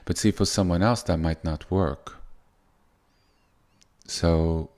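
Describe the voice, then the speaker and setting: A man giving a gentle spiritual teaching in a soft, unhurried way that wanders and restarts. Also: sits low, steady tone.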